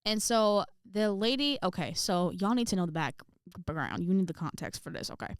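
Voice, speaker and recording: A woman's voice: mid-range voice, normal speed, smooth, no room sound, studio quality. A young woman from Indiana telling a story in a casual, chatty vlog, full of fillers and acted-out quotes. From Indiana, USA. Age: young adult. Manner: chatty, animated, many fillers, acts out quotes. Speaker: vlogger.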